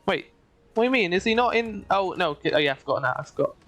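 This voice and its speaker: Bright-voiced man streaming a game. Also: high-pitched, animated, fast talker. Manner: chatty, reacts aloud to the game, reads cutscene lines in a plain voice. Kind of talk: casual game commentary and reading dialogue aloud.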